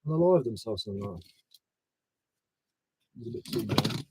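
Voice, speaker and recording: A man's voice: lowish voice, animated, moderate pace, long pauses, mellow, breathy edge, no room sound, rough recording. A man and reseller streamer rambling casually, bantering with viewers and swearing as he sorts his listings. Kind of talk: casual live-stream chat.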